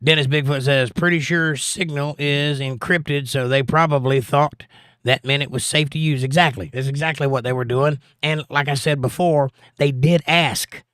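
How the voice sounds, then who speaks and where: A man's voice: a little high, fairly even intonation, normal speed, fairly bright tone, clean tone, no echo, studio quality. A man hosting a casual livestream, reading viewer comments aloud in a folksy, drawling way. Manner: laid-back, folksy, drawling. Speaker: livestream host.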